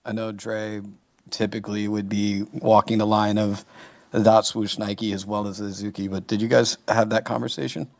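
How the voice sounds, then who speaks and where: Laid-back rambling man, flat voice. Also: lowish voice, moderate pace, creaky, no echo. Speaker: guest speaker. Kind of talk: casual chat. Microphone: online audio room mic.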